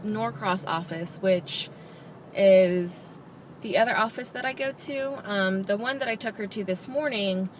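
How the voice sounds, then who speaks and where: A woman's voice: medium pitch, a little slow, slight background noise. A woman vlogging in a casual, chatty way, laughing often as she talks. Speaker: beauty vlogger. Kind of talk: casual vlog chat.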